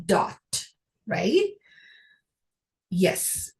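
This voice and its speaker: A woman's voice: mid-range voice, darkish tone. Patient woman teaching a phonics lesson. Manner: patient, encouraging, praises often; sounds out words slowly. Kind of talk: phonics lesson to young children.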